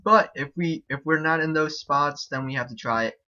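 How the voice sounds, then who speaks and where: A young man chatting excitably and repeating himself as he gives casual commentary on a game he is playing. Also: a little high, moderate pace. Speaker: gaming YouTuber. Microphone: desk mic, no headset. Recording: dull lo-fi home recording.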